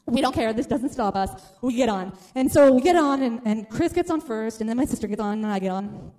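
A woman telling a funny personal story to a live audience, animated and acting out the people in it. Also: fairly high pitch, fairly quick.

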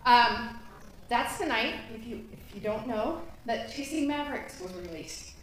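A woman's voice: a little high, expressive, a little slow. A woman from Florida telling a personal story on stage, chatty with fillers. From Florida, USA. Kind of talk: live storytelling. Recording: echoey hall.

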